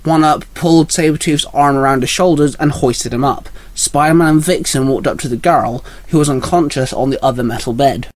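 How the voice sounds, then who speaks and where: A man narrating a fan-written action story in a plain, even reading voice. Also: mid-range voice, brisk, hardly any pauses, no room sound.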